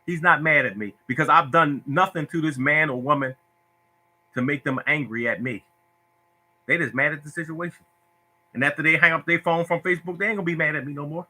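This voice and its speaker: His voice is a little high, brisk, pushed and bright as he hosts a casual Facebook Live on his phone. The man dishes out lottery tips in a preachy, repetitive, emotional manner.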